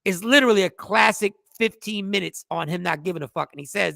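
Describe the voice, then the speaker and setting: A man co-hosting a casual chat, telling stories with animation and bursts of shouting. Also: high-pitched, quick pace, creaky, dry recording, studio quality. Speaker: podcast co-host.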